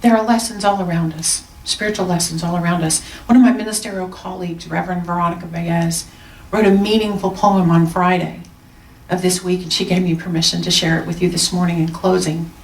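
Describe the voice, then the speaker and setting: A woman minister giving a gentle, reflective Sunday sermon with slow, soft pauses. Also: lowish voice, fairly even intonation. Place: church sanctuary. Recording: roomy sound, mic at a distance.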